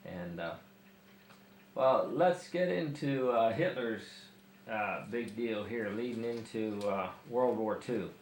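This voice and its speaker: A man interviews a relative about family history, pausing often as he shapes his questions. His voice is on the low side. The room is echoey with a faint hiss. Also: expressive, a little mellow. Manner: hesitant, many fillers while framing questions.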